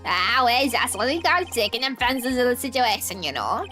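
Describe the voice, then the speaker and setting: A woman's voice: on the high side, sing-song, normal speed, sharp tone, soft background music. A woman voicing a smug, two-faced male celebrity villain who gloats over his crimes with a sneering delivery. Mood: gloating.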